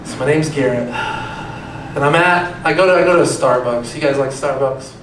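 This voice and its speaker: A man's voice: medium pitch, normal speed, a little hiss or hum. A young man performing a self-deprecating stand-up comedy set, chatting with and quizzing the crowd, recorded in a comedy club with audience laughter behind him. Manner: conversational, self-deprecating, asks the crowd questions. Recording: echoey club heard from a distance, crowd laughing.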